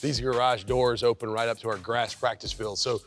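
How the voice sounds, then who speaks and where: A man's voice: mid-range voice, steady tone, a bit bright. Laid-back coach guy in his 40s, just chatting thru a tour, bit of music under. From Kentucky. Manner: easygoing storyteller, quick asides. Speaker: head football coach. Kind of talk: casual interview and facility tour.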